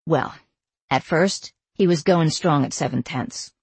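A woman's voice: low-pitched, a little slow, slightly rough, no room sound, full character voice. A woman voicing a young woman friend in a storybook who gossips and complains in a deflated, chatty way. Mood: gossipy.

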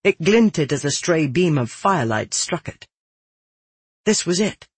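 An audiobook narrator reading a first-person fantasy story in a steady, earnest way. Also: medium pitch, a little slow, breathy edge, no room sound.

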